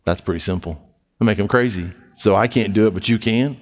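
A pastor delivering an animated sermon, swinging between loud emphatic scripture reading and quiet, soft asides. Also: male voice, lowish voice, a little fast. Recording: long hall reverb.

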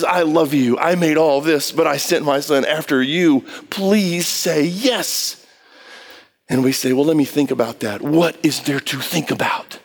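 A man preaching a sermon in an impassioned, pleading way, swinging between high and low.

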